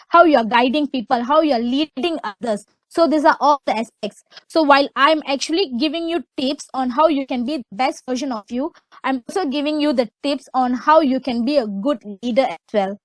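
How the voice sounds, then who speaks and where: A young woman with a Malaysian English accent, giving a loud, emphatic motivational webinar talk. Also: high voice, no room sound, low-quality recording. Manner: loud, emphatic, repeats "okay". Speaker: webinar speaker.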